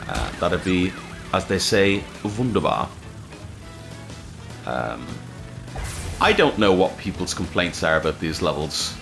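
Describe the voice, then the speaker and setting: A man's voice: low-pitched, animated, unhurried, creaky, over music. A man hosting a let's play, chatting casually and swearing freely while he plays. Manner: rambling, swears freely, self-correcting. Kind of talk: casual gameplay commentary.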